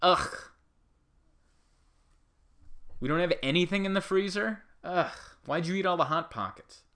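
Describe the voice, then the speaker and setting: A man's voice: sits high, a little slow, bright, forceful tone, voice pushed up, heavily acted. A man putting on the voice of young kids, whining and complaining to their dad. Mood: whiny.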